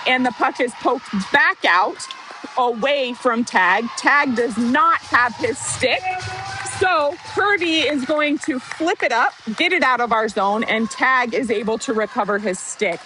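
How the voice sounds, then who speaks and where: A woman calling play-by-play for a youth hockey game, excitable and openly rooting for her team. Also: on the high side, poor audio. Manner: excitable, partisan, apologizes for getting worked up. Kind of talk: amateur youth hockey commentary.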